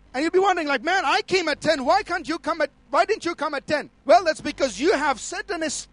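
A man's voice: very high-pitched, fairly bright tone. A middle-aged man, a pastor preaching a sermon emphatically and calling out to his audience.

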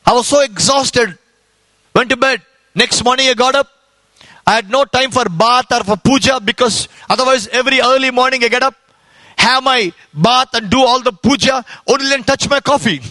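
A man preaching his testimony with fervent, repetitive storytelling and rising exclamations. His voice sits very high and rings bright and forceful. The sound is dry, with hardly any room around it. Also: normal speed, dry recording. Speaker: evangelist giving his testimony. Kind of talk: sermon testimony.

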